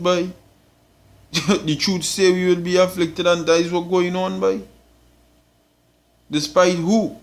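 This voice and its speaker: Preaching an informal sermon with a Trinidadian accent, a man with a fairly high voice is emphatic and blunt. He caps his lines with "boy" and swears for emphasis.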